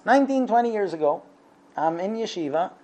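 A man in his thirties telling a religious story in a casual, lively way, acting out the voices of the people in it. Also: high-pitched, a little fast, muffled recording. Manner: lively, acts out quoted voices. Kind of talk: storytelling talk.

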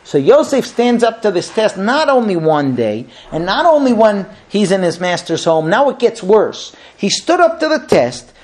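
A man giving a Torah lesson as a sermon, telling the story in a lively way and acting out the voices of the people in it. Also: high voice, normal speed, few pauses. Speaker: rabbi teaching Torah.

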